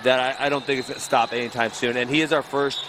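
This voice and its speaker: Animated man coach, noisy recording. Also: mid-range voice, fast talker. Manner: animated storyteller who acts out exchanges with his wrestlers. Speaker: wrestling club coach. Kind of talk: casual podcast conversation.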